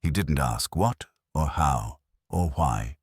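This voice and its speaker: A man's voice: rumbling low, animated, slow, breathy edge, dry recording. A man giving dry, wry, matter-of-fact scripted first-person narration of a detective story.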